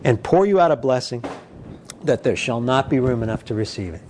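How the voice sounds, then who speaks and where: A man preaching a conversational sermon, animated and full of "you know", acting out quoted voices. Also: brisk, slight background noise. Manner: animated, acts out quoted voices with big pitch jumps.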